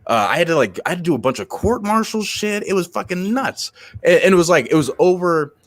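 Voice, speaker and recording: A man, a comedian and podcast host, telling animated stories in casual chat, swearing and laughing often. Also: high-pitched, brisk, no room sound.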